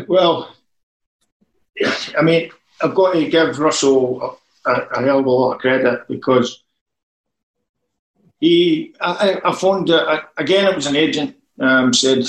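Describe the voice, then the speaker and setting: A man's voice: mid-range voice, slow pace, vocal fry, long pauses, roomy sound, rough recording. A man, a former football manager telling rambling anecdotes in a casual interview.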